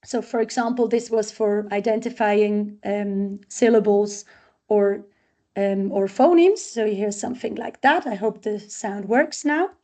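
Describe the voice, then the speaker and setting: A woman's voice: medium pitch, unhurried, dark tone. A woman researcher giving a talk, walking step by step through examples of her assessment tool. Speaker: researcher presenting a literacy tool.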